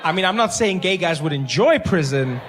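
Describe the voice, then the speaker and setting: A man with a South African accent doing stand-up, telling animated stories and acting out the people in them. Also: high voice, brisk, noisy background. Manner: animated storytelling with acted-out voices and laughter. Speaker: stand-up comedian. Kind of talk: stand-up comedy.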